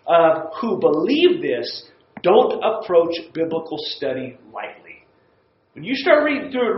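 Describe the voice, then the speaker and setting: A man teaching a church Bible study lesson, folksy and emphatic, repeating words for stress. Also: high-pitched. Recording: echoey room, dull lo-fi sound.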